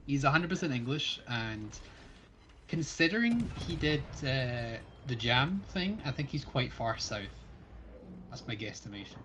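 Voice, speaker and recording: Lively chatty Scottish man. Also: mid-range voice, unhurried, noisy background. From Scotland. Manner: chatty and playfully opinionated. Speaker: fellow player on a livestream. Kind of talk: casual gaming livestream chat.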